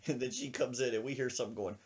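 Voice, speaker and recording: A man hosting a podcast, telling a comic story in an animated way and laughing through it. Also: mid-range voice, very fast, husky, highs cut off. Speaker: podcast host.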